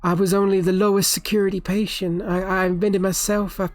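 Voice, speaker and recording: A man's voice: sits high, flat delivery, a little fast, faint music behind, voice pushed up, close to an everyday voice. A woman voicing a frightened young male asylum patient who stammers and pleads.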